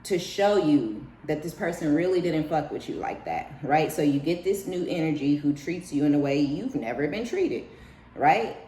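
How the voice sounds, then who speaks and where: A woman giving a casual spiritual reading, profane and animated, slipping into high mocking voices with laughter. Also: normal speed, reverberant, a little hiss or hum. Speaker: tarot reader.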